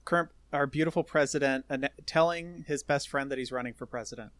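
A man's voice: medium pitch, fast, a bit bright, slight background noise. A man hosting a casual comedy chat, delivering wry, sarcastic commentary. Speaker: podcast host.

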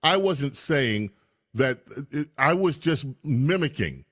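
Animated male talk radio host. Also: on the high side, takes it slowly. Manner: animated, indignant, rambling with restarts.

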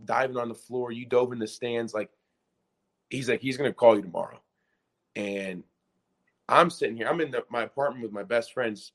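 A young man from Pennsylvania, a former college basketball player, telling a story in a casual podcast interview, excited and rambling, acting out quotes. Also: mid-range voice. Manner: excited, rambling, full of restarts and acted-out quotes.

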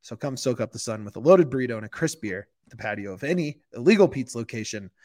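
A man with an ordinary mid-pitched voice reads a sponsor spot like he is chatting with friends. He sounds loose and enthusiastic, and keeps things casual and giggly. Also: animated, fast, a little mellow. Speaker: podcast co-host. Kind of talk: casual ad read.

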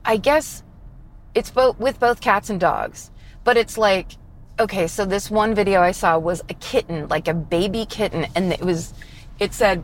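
A woman co-hosting a casual podcast, chatty and quick to laugh, talking in a car. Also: medium pitch, slight background noise. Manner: chatty, giggly. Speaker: podcast co-host. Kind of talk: casual chat.

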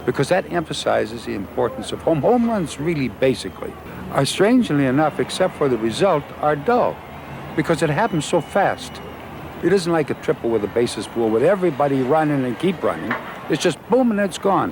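Gravelly guy telling old stories, up and down pitch, traffic noise behind. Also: very animated, brisk. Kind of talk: archival interview recollection. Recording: noisy outdoor archive audio with traffic.

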